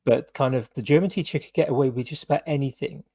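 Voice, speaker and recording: A man's voice: mid-range voice, quick pace, gravelly, mellow, dry recording. A British man hosting a casual podcast, telling stories in a rambling way full of "kind of" and "you know". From United Kingdom. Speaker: podcast host.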